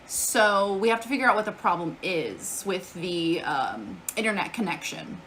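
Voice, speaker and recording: Bright-voiced chatty woman streamer. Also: fairly low pitch, sing-song, normal speed, slight background noise. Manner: chatty, swears casually, answers chat aloud. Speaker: live streamer. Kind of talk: casual live-stream chat. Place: at home.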